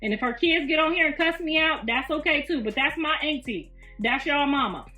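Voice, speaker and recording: A woman's voice: high voice, expressive, a little fast, bright, forceful tone. A woman in her fifties, hosting a casual livestream from home, talking bluntly with lots of profanity and laughter. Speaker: livestream host. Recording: roomy, distant, slightly muffled, faint music.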